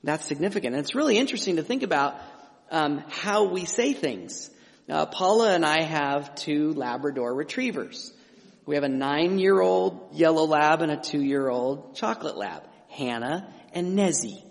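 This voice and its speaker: Middle-aged man, pastor, chatty emphatic sermon, a bit high-pitched, echoing sanctuary. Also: lively intonation, normal speed, gravelly. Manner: conversational preaching with restarts and emphatic asides. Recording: long hall reverb.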